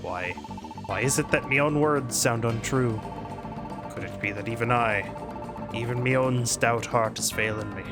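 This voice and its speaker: A man voicing a stout-hearted old male dog Pokémon grandfather in a gruff, mock Scottish accent, giving solemn speeches. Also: mid-range voice, voice pushed down, lightly acted. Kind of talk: reading game dialogue aloud.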